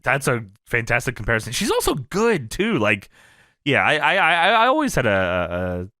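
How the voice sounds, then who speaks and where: A man's voice: medium pitch, normal speed, no echo, studio quality. A man co-hosting a wrestling review podcast in casual chat, recapping scenes with lots of laughter. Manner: animated, recaps scenes and acts out quotes, laughs often. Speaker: podcast co-host. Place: podcast studio.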